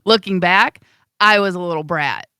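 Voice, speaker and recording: A woman co-hosts a morning radio show in a bright, smooth, crisp voice. She teases her co-host bluntly and talks with animated emphasis. The studio sound is dry and close. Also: fairly low pitch, moderate pace, dry recording. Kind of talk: casual morning radio banter. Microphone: studio microphone.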